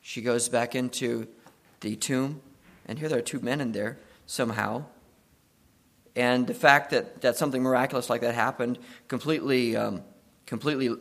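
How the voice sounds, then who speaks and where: A male preacher with a gravelly, mid-pitched voice tells a story in a sermon. He moves between hushed, intimate stretches and firm, emphatic lines. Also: fairly even intonation, moderate pace.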